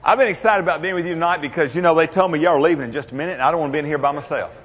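A man's voice: a little high, very fast, fairly bright tone, slight background noise. Older man, folksy speaker with jokes, lo-fi recording in a reverberant hall. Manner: folksy, humorous, drawling storyteller. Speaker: motivational speaker. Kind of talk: storytelling speech to an audience. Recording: muffled, echoey hall.

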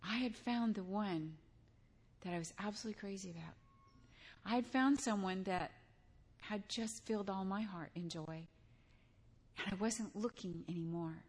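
An older woman gives a sermon in an earnest, conversational voice that sits at an ordinary middle pitch. She asks the congregation direct questions and illustrates her points with personal stories. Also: normal speed, slightly rough. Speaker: preacher.

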